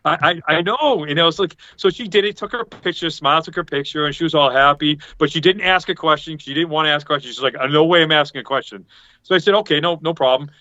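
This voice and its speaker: A man's voice: a little high, fast, pushed and bright, no room sound. A man telling a rambling story in a casual chat over a video call, acting out what other people said. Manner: rambling, acts out quoted people. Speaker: podcast panelist. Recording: dull lo-fi video call audio.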